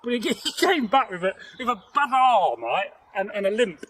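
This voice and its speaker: A man's voice: sits high, big pitch swings, normal speed, fairly bright tone, slight background noise, low-quality recording. A man, telling a folktale outdoors in a rambling, chatty way, laughing and joking with a companion. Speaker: folktale storyteller and channel host. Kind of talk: casual spoken storytelling. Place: outdoors in nature.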